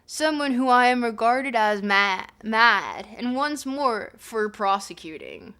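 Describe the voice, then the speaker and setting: A woman's voice: fairly high pitch, big pitch swings, slow, bright, forceful tone, smooth, heavily acted. A woman voicing a self-assured ancient Greek male seer in a laid-back surfer drawl, read live. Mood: breezy. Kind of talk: live reading of a dialogue.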